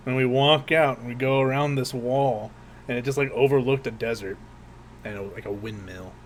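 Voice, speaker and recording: A young podcast co-host tells rambling, profane stories in casual chat, laughing often. He speaks at a medium pitch and normal speed with fairly even intonation, and there's a little hiss or hum.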